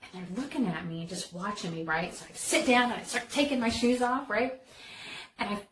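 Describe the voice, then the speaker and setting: A woman hosting a storytelling vlog, telling a childhood story in a casual, animated way, full of fillers and dramatic turns. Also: mid-range voice, fairly quick. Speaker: storytelling vlogger. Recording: echoey room with faint noise.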